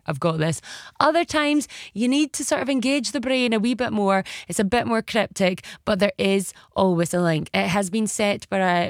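A woman's voice: mid-range voice, no echo, clean studio sound. Chatty Scottish woman radio host. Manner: chatty, self-deprecating, laughs easily. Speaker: late-night radio host. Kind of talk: casual radio chat. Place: radio studio. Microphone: studio microphone.

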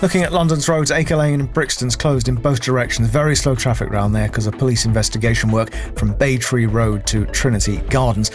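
A man reading a scripted radio travel bulletin in a brisk, matter-of-fact way from a studio. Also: medium pitch, steady tone, faint music behind. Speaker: travel news reader.

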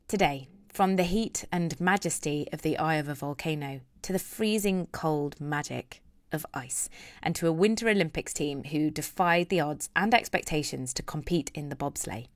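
A woman hosting a radio program, reading a scripted introduction in a measured way. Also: low-pitched, no echo, studio quality. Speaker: radio show host.

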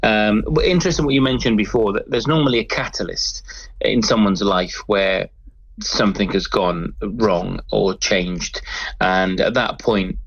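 A man's voice: on the low side, unhurried, vocal fry, no echo, dull audio. A man working as a crime scene cleaner, explaining his work in an interview, often stumbling and repeating words. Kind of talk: interview guest answering.

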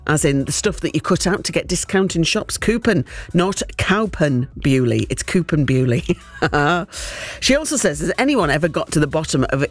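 A man's voice: fairly high pitch, no room sound. Chatty man on local radio. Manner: chatty, reads out listener messages with chuckles. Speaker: radio presenter. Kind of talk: phone-in radio chat. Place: radio studio. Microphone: studio microphone.

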